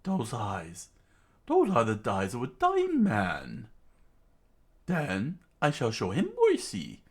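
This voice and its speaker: A man's voice: medium pitch, wildly swooping pitch, slow, breathy edge, heavily acted. A man voicing a cruel fishman pirate captain, mocking and gloating, while reading a manga aloud.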